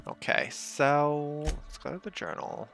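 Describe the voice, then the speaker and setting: A man's voice: a little high, lively intonation, unhurried, gravelly, over music. A man hosting a let's play, giving laid-back, casual commentary and muttering to himself as he plays.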